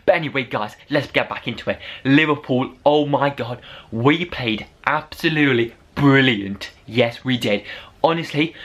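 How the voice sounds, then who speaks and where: Excitable man rambling about a match. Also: mid-range voice. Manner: excitable, rambling, rising to shouts over goals. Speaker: football fan vlogger. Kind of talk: unedited casual match review.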